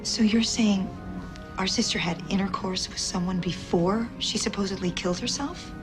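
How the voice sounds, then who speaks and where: A woman's voice: mid-range voice, moderate pace, over music, lightly acted. An actress playing an earnest young woman questioning a coroner in a film clip. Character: young woman, investigating sister. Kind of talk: film acting.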